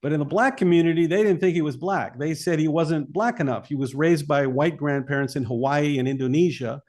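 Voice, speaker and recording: A man's voice: fairly high pitch, fairly quick, darkish tone. A man speaking as a filmmaker guest in an interview, emphatic and argumentative. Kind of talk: interview talk.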